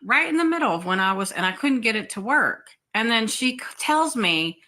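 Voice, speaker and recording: A woman's voice: fairly high pitch, expressive, normal speed, bright, forceful tone. A woman vlogger telling a story in a casual, blunt way, swearing freely.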